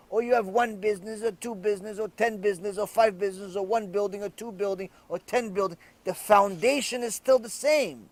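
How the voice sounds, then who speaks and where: A man's voice: high voice, normal speed, a little mellow, no echo. A man, a rabbi, giving a Torah lecture and acting out a story's dialogue as he tells it.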